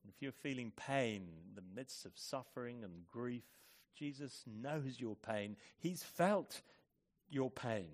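This sermon comes from a man whose voice is mid-range; he shifts from quiet, measured reflection to loud, forceful emphasis.

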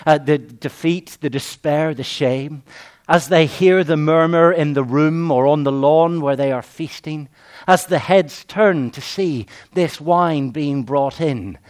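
A man preaches a sermon at a medium pitch. He piles up repeated phrases and slows right down on the words he wants to land.

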